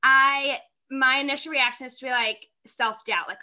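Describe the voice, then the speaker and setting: A woman co-hosting a podcast in casual chat, talkative and quick to laugh, reading points from her notes. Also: sits high, bright, forceful tone. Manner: chatty, laughs often, reads points from notes. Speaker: podcast co-host.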